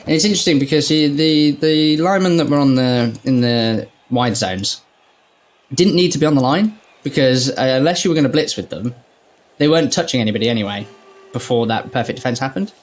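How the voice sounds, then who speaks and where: A man's voice: medium pitch, animated, brisk. A man casually commentating on a video game match, explaining tactics at length.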